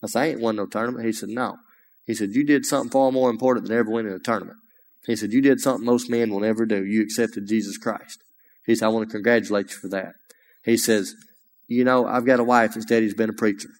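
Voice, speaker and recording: A man's voice: on the low side, steady tone, quick pace. A man giving a sermon testimony, telling a story earnestly and rising into emphatic preaching. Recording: hall reverb.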